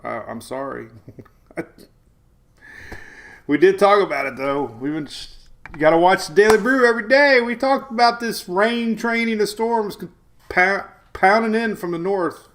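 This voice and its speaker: A man's voice: sits high, measured pace, fairly bright tone. A man in his forties hosting a casual morning live stream, rambling chattily, greeting viewers by name and talking to his dogs, from his home in Florida. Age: 40s. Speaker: weather streamer host.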